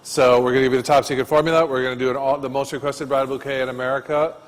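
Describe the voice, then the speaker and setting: Animated man teaching in a reverberant classroom. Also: mid-range voice, rapid-fire. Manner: animated storyteller, loud bursts then quiet asides. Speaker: floral design instructor.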